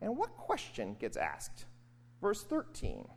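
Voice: mid-range voice, slow pace, gravelly. A pastor preaching in a casual, conversational way, often checking in with the listeners by asking "right?". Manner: animated, often asks "right?". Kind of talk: conversational sermon.

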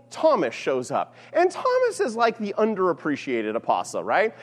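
A man lectures a class on scripture, his voice pitched high and swinging widely as he talks. He keeps it conversational, tossing in quick checks with his listeners. The sound carries a long reverb from a large room. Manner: animated, conversational, frequent "right?" asides. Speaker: teacher.

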